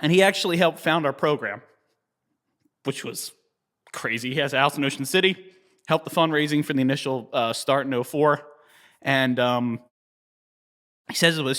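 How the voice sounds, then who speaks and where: A man in his thirties from New Jersey, telling a long story as an interview guest. He talks in a lively way, chuckles often and uses many fillers. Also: medium pitch, normal speed, long pauses. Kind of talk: conversational storytelling.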